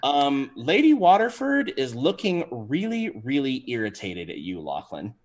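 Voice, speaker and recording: A man running a tabletop game livestream as game master, narrating in an animated, chatty way. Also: mid-range voice, unhurried.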